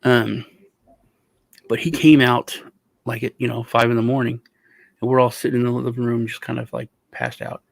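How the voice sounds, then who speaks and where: A man hosting a casual chat, a rambling, animated storyteller. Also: medium pitch, normal speed, gravelly, long pauses, no echo. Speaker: host.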